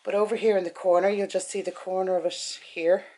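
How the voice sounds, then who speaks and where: A mellow, mid-range woman's voice, fairly even in intonation and a little quick. She's an Irish vlogger in her forties, talking casually to camera from her bedroom at night, tired and out of breath, rambling and correcting herself as she goes.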